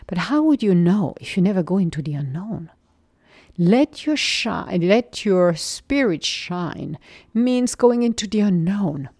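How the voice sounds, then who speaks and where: A woman in her forties giving an earnest, encouraging spiritual talk, sometimes sinking into a soft whisper. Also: medium pitch, lively intonation, measured pace, dry recording, studio quality. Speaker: spiritual motivational speaker. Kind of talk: inspirational monologue.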